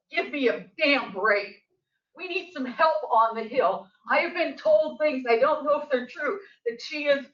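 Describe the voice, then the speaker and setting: Her pitch is high and her tone fairly bright as this older resident gives public comment at a board meeting. She relates her story with agitation and emphasis, her voice going up toward the end. Sound from the district office meeting room is echoey, dull and distant.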